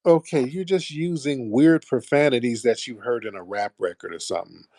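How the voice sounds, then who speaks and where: A man's voice: mid-range voice, normal speed, darkish tone, no echo, clean studio sound. A man hosting a heated call-in debate, mocking and combative, talking over his caller. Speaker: host.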